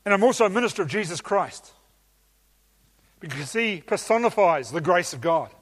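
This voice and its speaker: A man's voice: sits high, lively intonation, normal speed, fairly bright tone. A man preaching a teaching sermon with emphatic enthusiasm and some hesitations.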